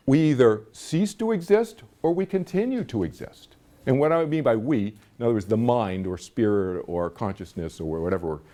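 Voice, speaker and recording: A man's voice: fairly low pitch, a little mellow. A middle-aged man giving a live seminar talk, chatty and storytelling, often checking in with his audience. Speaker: seminar speaker.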